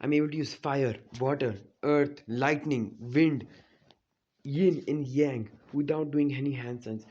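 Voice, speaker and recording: A man's voice: mid-range voice, a little slow, a little mellow, lightly acted. Earnest teen hero kid read by a guy, plain voice, kinda muffled recording. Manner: plainly told, barely acted. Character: teenage boy hero, earnest.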